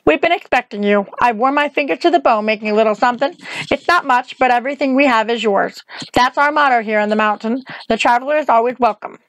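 A woman's voice: fairly high pitch, fast, no echo, natural voice. A woman voicing a fussy, fawning old nanny in an audiobook reading. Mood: fussing.

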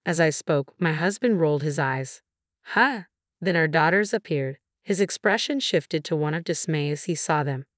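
A woman narrates a first-person family drama in a low voice. Her delivery stays steady and even throughout. The recording is close and dry, with no room sound. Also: moderate pace, few pauses, dry recording.

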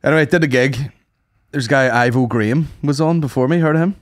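Man, podcast co-host, casual sweary storytelling, mid pitch, dry close sound. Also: quick pace, no echo. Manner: sweary, rambling anecdotes, acts out quotes.

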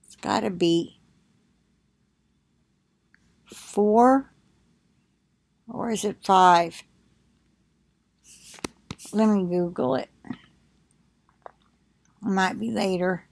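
A middle-aged woman thinking aloud at home, reading scripture between bouts of coughing and musing in a slow, unhurried way. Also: mid-range voice, gravelly, a little mellow, no room sound. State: coughing, choking up. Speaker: video blogger. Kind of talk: casual commentary with scripture reading.

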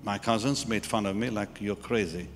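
A man's voice: fairly low pitch, moderate pace. A man preaching a sermon at a live church service, telling a personal story and acting out the voices of the people in it. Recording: live church hall with reverb and music.

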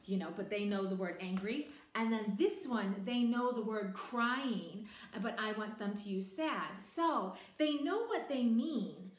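An online English teacher chats casually in a vlog about her lessons, recorded in her home teaching room with a roomy echo. Her medium-pitched voice keeps a measured pace with few pauses, animated and chatty, and she over-enunciates with her student.

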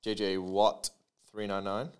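A man's voice: fairly low pitch, level tone, a little slow, clear, resonant tone. A man hosting a live trading card break, calling out player names and serial numbers with chatty asides to his viewers.

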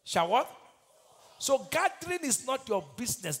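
A man preaching a fiery sermon as pastor, breaking into loud shouted peaks and reciting scripture. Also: very high voice, big pitch swings, normal speed, husky. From Nigeria. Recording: long hall reverb.

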